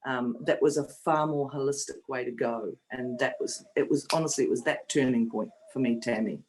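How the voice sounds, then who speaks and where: A woman's voice: extremely low pitch, a little fast, a little mellow, poor audio. A woman in her fifties, an interview guest speaking candidly and emotionally about her own experience. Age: 50s. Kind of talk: personal storytelling in an interview.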